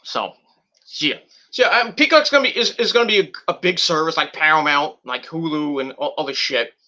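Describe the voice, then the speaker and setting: This thirtysomething podcast host has a somewhat high voice and talks fairly quickly in a relaxed, chatty way. He meanders, uses profanity, keeps restarting, and shouts in bursts.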